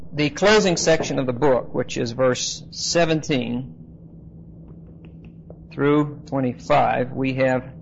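A man's voice: medium pitch, vocal fry. Lo-fi recording of a man teaching scripture. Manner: measured, emphatic, with frequent "uh" and "okay?" check-ins. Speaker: pastor. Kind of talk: expository Bible teaching. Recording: slightly dull lo-fi sound with faint noise.

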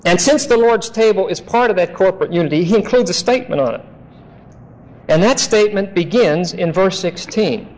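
A man's voice: high-pitched, expressive, a little mellow, poor audio. A male pastor teaching through a Bible passage in an emphatic, explanatory sermon. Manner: emphatic, explanatory, deliberate phrasing.

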